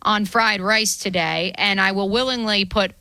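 Bright-voiced woman co-hosting sports radio. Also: medium pitch, steady tone, clean tone, dry recording. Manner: playful, teasing, brisk. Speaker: radio sports show co-host. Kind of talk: sports radio banter and promo reads.

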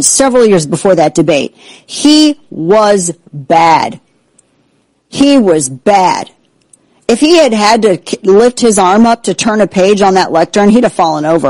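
A woman hosts a political talk show with indignant, sarcastic energy. Her voice sits at an ordinary middle pitch. The sound is dry and close, with no room around it. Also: darkish tone, no room sound, poor audio. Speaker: political commentary host. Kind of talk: opinionated talk show commentary.

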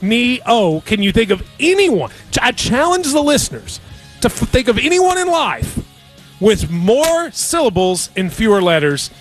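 Radio host, man, high and lively voice, wry playful banter, light music underneath. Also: normal speed. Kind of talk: casual sports betting chat.

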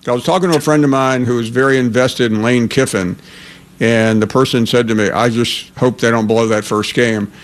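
Mid-pitched sports radio host. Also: male voice, steady tone, moderate pace. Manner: conversational, hesitant with fillers.

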